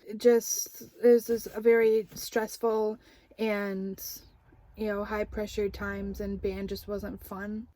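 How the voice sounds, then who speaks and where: A woman's voice: fairly high pitch, darkish tone, dry recording. A young woman talking to her camera in a casual, rambling vlog with lots of fillers. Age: young adult. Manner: rambling, chatty, frequent fillers. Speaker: vlogger.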